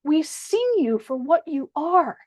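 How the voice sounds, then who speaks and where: A woman's voice: high voice, big pitch swings, slow pace, darkish tone, no room sound. A woman delivering a blunt, profane video rant straight to camera, addressed to a politician. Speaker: political commentator.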